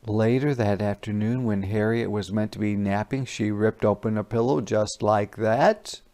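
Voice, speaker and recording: A man teacher doing an interactive read-aloud for young children, pausing to ask questions and explain words. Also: on the low side, steady tone, dark tone.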